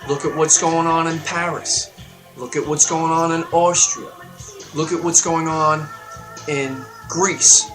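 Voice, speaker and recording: A man delivering a heated, profane talk-radio rant, getting louder and higher as he stresses his points. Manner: heated, profane, emphatic ranting that climbs in pitch and volume. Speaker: radio show segment contributor. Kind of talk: ranting talk-radio monologue. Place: radio studio.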